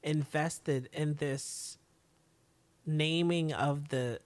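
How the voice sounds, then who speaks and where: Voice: medium pitch, steady tone, extremely slow. A podcast co-host recapping a TV episode in casual chat, speaking hesitantly with many fillers.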